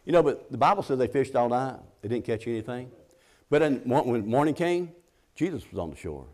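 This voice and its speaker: A man's voice: medium pitch, expressive, fairly quick, darkish tone. A middle-aged man preaching a sermon in a folksy, conversational way, often restarting his sentences and acting out the scripture quotes.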